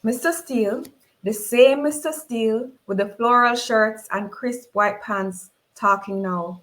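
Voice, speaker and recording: A woman with a Jamaican accent reading a novel aloud in first person, expressive and dramatic. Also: on the high side, a little slow, poor audio. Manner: expressive, voices the characters in dialogue. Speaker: reader.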